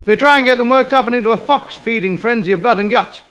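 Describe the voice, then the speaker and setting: A man voicing a pompous, self-pitying suburban gent who is quick to get indignant, in an AI-voiced comedy sketch. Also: extremely high pitch, fairly bright tone, muffled recording, a little hiss or hum.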